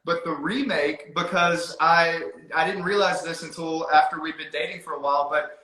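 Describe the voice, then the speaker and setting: A man talks in a high, bright voice, rambling through his stories with fillers and restarts. The room around him is echoey. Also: steady tone, normal speed. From East Texas. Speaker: guest author. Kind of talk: casual chat.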